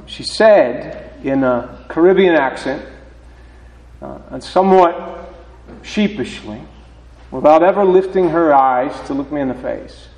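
A man preaching as a pastor, reading scripture and then giving a sermon in a slow, deliberate way with halting restarts. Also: mid-range voice, a little mellow. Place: church sanctuary. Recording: roomy church reverb, voice from a distance.

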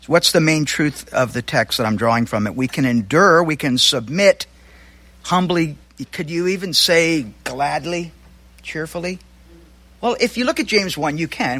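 A male pastor preaching a sermon in a conversational way, with asides and quick self-corrections. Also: a little high, expressive, bright, forceful tone, no echo.

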